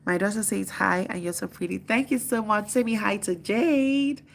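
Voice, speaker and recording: A woman's voice: mid-range voice, normal speed, gravelly, slight background noise. A Nigerian woman in her living room, chatting casually on a phone live stream, teasing viewers and answering their comments aloud. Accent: Nigerian English.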